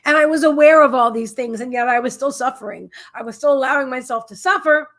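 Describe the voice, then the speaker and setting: A woman with a high voice hosts a psychic livestream from her own apartment. She talks in a candid, heartfelt way, wandering off and restarting her sentences as she goes. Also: fast talker, fairly bright tone. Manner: rambling, many restarts and fillers. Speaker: psychic host. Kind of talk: casual livestream chat.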